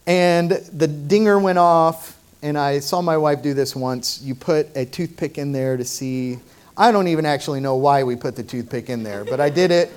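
A man's voice: fairly high pitch, moderate pace, darkish tone, clear, resonant tone. A man leading a prayer and then telling a humorous personal story in a sermon. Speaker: pastor.

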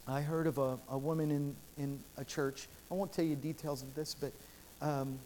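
A man's voice: a little high, fairly even intonation, normal speed, darkish tone, a little hiss or hum. A male pastor preaching a sermon in a church sanctuary, telling stories in an earnest, repetitive way with frequent restarts.

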